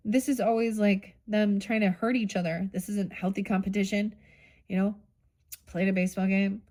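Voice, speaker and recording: A woman's voice: medium pitch, steady tone, moderate pace, dark tone. Woman, middle-aged, loose chatty tarot reader, rambles and curses casually. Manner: rambling, swears casually, thinks aloud.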